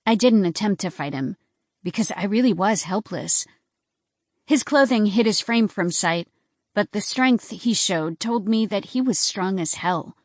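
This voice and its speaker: A woman's voice: mid-range voice, animated, measured pace, no room sound, studio quality. A woman giving a tense, dramatic first-person audiobook narration.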